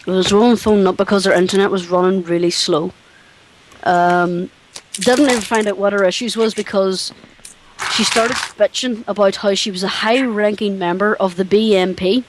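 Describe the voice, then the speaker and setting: A woman's voice: mid-range voice, fairly even intonation, moderate pace, a little hiss or hum, low-quality recording. A woman from Northern Ireland with a Northern Irish accent, telling blunt stories about working in a call center in casual chat. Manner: blunt storytelling.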